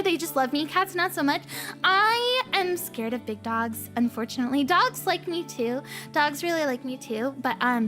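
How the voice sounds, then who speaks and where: Her voice is high and bubbly as she streams, chatting casually and rambling playfully. The conversation wanders easily between subjects in a light, upbeat way, while soft background music plays faintly beneath her.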